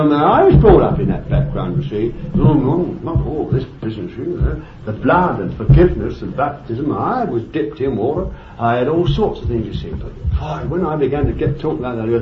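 Fervent preacher man, roomy lo-fi sound. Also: on the high side. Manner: fervent, exclaiming praise and laughing between points. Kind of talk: sermon. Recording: echoey, dull, lo-fi recording with faint noise.

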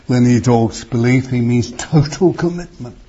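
A husky man preaching slowly and emphatically, pressing the listener with rhetorical questions. His tone is mellow and warm, and the sound is a dull lo-fi recording. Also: mid-range voice. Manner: emphatic, with rhetorical questions and sudden raised bursts. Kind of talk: expository sermon.

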